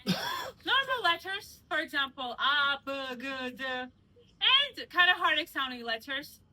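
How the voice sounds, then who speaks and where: A woman from Georgia leads a walking tour outdoors, her voice high and sharply bright. She is a native Georgian speaker who explains things playfully, teasing her group with examples. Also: wildly swooping pitch, slow pace, rough recording. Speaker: tour guide. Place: outdoors in old city streets.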